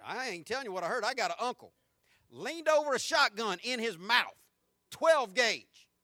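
A man preaching a folksy, emphatic sermon, rising to shouts at peaks. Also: very high-pitched, expressive, normal speed, no echo, clean studio sound.

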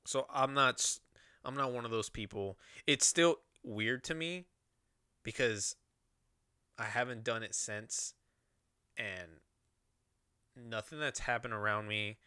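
A man's voice: medium pitch, takes it slowly, pauses often, bright, forceful tone, smooth, dry recording, studio quality. A man telling a personal story in a rambling, casual way, with lots of swearing and fillers.

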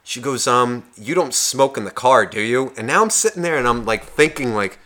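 Bright-voiced man telling a profane story. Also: medium pitch, brisk. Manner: profane, animated storyteller acting out dialogue. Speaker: podcast co-host. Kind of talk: casual storytelling chat.

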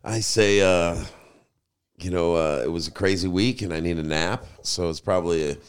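A man's voice: sits low, normal speed, clear, resonant tone. A male podcast host in casual chat, telling a rambling anecdote full of "you know".

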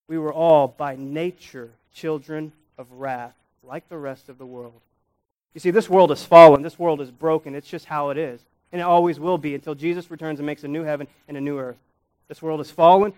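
A male pastor delivering a sermon in a somewhat high-pitched voice. He hammers key phrases by repeating them and swings from urgent, raised passages down to quiet, low asides. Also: clear, resonant tone, low-quality recording.

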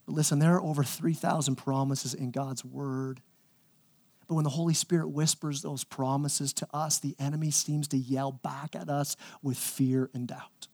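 High-voiced, chatty preacher. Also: male voice, fairly even intonation, normal speed, a little mellow. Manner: conversational, humorous, with frequent "right?" asides. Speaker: pastor. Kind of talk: sermon.

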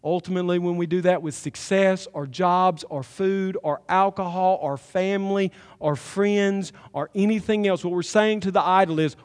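A man preaching a sermon as pastor, emphatic and building to loud climaxes. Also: high voice, steady tone, normal speed, few pauses, clear, resonant tone, in a large hall. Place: church sanctuary.

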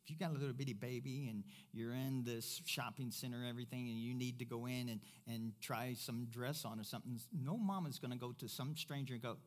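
A man preaching a sermon as pastor, first loud and emphatic, then quieter and conversational. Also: medium pitch, fairly even intonation, brisk, few pauses.

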